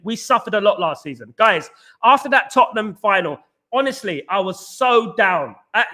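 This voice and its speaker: A middle-aged man from England hosting a casual live stream, reading chat and giving emphatic, repetitive shout-outs. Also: sits high.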